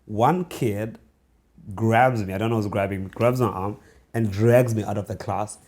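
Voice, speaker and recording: A low-pitched South African man in his forties, speaking as a guest author in a relaxed interview. He tells his memories slowly and reflectively, often restarting a phrase and dropping to a hushed, quiet tone. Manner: reflective, halting restarts, slowing into hushed storytelling. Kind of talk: conversational interview storytelling.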